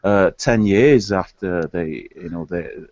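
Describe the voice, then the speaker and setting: A man's voice: low voice, slow pace, no room sound, highs cut off. Man with a Yorkshire accent. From Yorkshire, England. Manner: relaxed, hesitant with fillers. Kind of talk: casual group chat.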